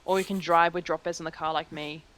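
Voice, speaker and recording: A woman's voice: lowish voice, steady tone, fast talker, a bit bright, poor audio. A young Australian woman with an Australian accent, chatting as an interviewee, joking, swearing freely and laughing often. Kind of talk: casual chat.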